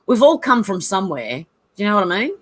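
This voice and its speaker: A woman's voice: mid-range voice, sing-song, fast talker. Chatty Australian woman reading comments. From Ireland, raised in Australia. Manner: chatty, laughs often, reads comments aloud. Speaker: channel host reading viewer comments. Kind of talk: casual livestream chat.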